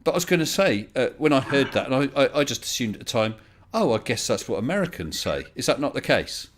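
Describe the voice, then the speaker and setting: A man's voice: mid-range voice, big pitch swings, quick pace, a little hiss or hum. A man hosting a casual group livestream chat, laughing often and asking questions. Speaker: livestream host.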